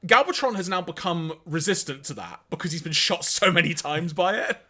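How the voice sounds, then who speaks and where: A man's voice: a little high, animated, a little fast, bright, forceful tone. A man co-hosting a podcast, recapping episodes in casual chat, acting out quoted lines with a laugh. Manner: reads quotes aloud in put-on voices, laughs often. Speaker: podcast co-host.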